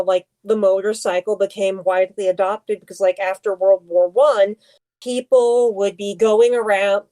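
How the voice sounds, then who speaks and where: A woman co-hosting a podcast chats casually in a mellow, mid-range voice. She rambles off on tangents and uses "like" constantly.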